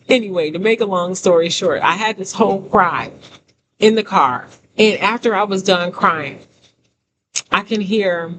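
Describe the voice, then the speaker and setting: A woman's voice: mid-range voice, measured pace. A woman giving a conversational testimony sermon as a prophetic teacher, emphatic, repeating phrases and talking straight to her listeners. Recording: noisy background hiss.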